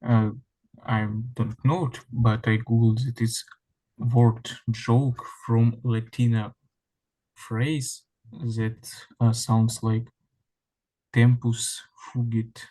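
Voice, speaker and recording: Very slow, halting male student. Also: medium pitch, flat delivery, dark tone, poor audio. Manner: halting, hesitant non-native English. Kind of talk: answering in class. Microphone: video call.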